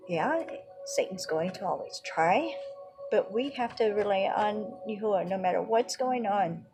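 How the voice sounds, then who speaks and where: A woman's voice: mid-range voice, lively intonation, a little slow, darkish tone, soft background music. A woman giving an earnest religious teaching, retelling her own prayers and quoted conversations as testimony.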